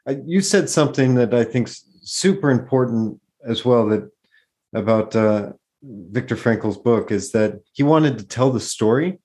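A man's voice: mid-range voice, expressive, unhurried, darkish tone. A man hosting a podcast in casual conversation, engaged and thoughtful, with frequent "uh" fillers.

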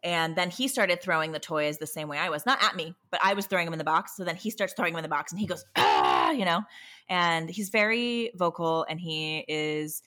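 A young adult woman and parent of a toddler, exhausted, talking candidly in a halting, self-interrupting, emotionally raw way. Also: fairly low pitch, bright, forceful tone. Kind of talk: candid conversational chat.

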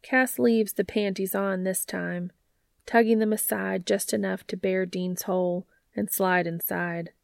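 A woman reading fan fiction aloud in a soft, even storytelling voice. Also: medium pitch, unhurried, vocal fry.

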